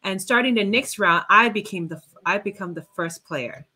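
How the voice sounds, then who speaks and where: Bright-voiced woman game designer. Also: mid-range voice, moderate pace, breathy edge. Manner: hesitant, many fillers while explaining. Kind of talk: explaining game pieces and rules. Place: home.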